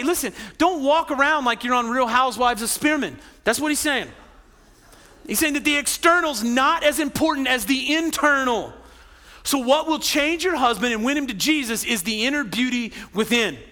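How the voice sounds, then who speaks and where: A man's voice: extremely high pitch, sharp tone. A man preaching a sermon as a pastor, conversational, with joking asides and frequent "right?" tags. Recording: long hall reverb.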